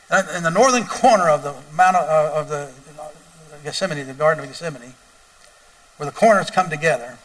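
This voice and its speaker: Male pastor, storytelling sermon, bright tone, picked up from a distance. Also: a little high. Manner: builds from quiet storytelling to loud, wailing emphasis.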